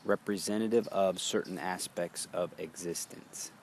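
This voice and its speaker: Male meditation guide: deep, gravelly voice, unhurried delivery, faint noise underneath. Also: steady tone, darkish tone. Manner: slow, measured, pausing between phrases.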